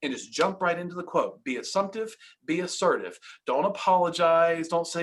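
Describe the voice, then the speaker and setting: A man's voice: on the high side, lively intonation, moderate pace, few pauses. A man hosting a live training webinar, coaching with energy and emphasis and acting out sales lines.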